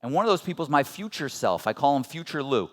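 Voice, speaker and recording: Talking fast and with great animation, this thirty-something man has a fairly high-pitched voice. He's a motivational speaker at a business seminar, earnest and chatty as he throws rhetorical questions at his listeners.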